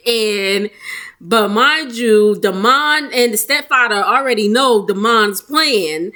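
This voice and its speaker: A woman's voice: medium pitch, sharp tone. A woman chatting casually as she recaps a reality show, quoting the cast and laughing often. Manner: chatty, laughs often, quotes people in quick voices. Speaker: recap vlogger.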